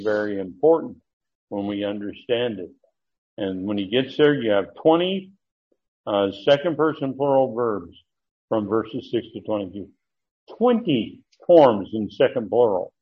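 A man teaching a Bible study, deliberate and emphatic, pausing often with fillers. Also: mid-range voice. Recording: muffled lo-fi recording.

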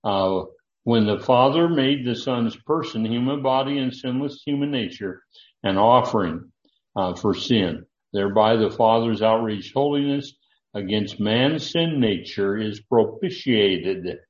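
An older man preaches in a low, unhurried voice, pausing and restarting often as he works through his point. The recording is dull and lo-fi, with the echo of a large room around him. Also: expressive. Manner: slow, halting, with many fillers and restarts. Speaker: pastor. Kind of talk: sermon.

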